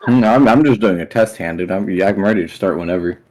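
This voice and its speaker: A young man with a very deep, low voice chats while playing a tabletop game. He jokes around in slang and swears freely. His tone stays loose and casual. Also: fast, a little mellow, rough recording. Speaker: player.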